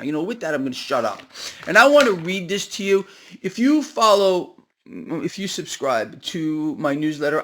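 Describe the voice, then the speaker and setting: A man hosting a market commentary video, talking straight to his viewers in a casual, animated and sarcastic way. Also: a little high.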